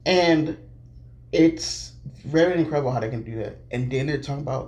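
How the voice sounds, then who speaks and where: Man, excited, rambling, scattered casual recap, voice on the high side. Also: normal speed, slight background noise. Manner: loose, filler-heavy talk with restarts. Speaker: show recap vlogger.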